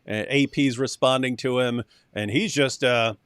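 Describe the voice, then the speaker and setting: A man's voice: mid-range voice, fairly even intonation, a little slow, a bit bright, clean tone, dry recording, studio quality. A man from West Virginia hosting a casual chat, rambling with frequent restarts. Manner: rambling, many restarts and laughs. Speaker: host.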